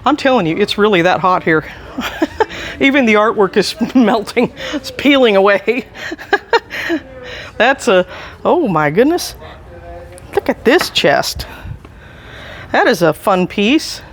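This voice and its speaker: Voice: medium pitch, sing-song, takes it slowly, long pauses. A chatty, enthusiastic staff member giving a casual walking tour indoors in a large antiques mall. They chuckle often and are recorded on a handheld camera while walking.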